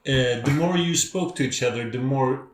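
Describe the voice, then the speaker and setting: A man co-hosting a podcast in casual chat, wry and quick with short interjections. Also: mid-range voice, roomy sound. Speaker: podcast co-host.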